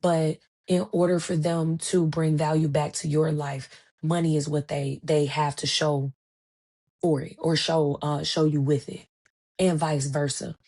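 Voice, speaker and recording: A woman in her thirties hosts a casual solo podcast with a mellow, warm tone and a slightly low voice. She talks in an easygoing, colloquial way. When she tells a story, she acts out the back-and-forth of the people in it. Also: a little slow. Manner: animated storytelling, acts out quoted dialogue; conversational, colloquial phrasing. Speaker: podcast host.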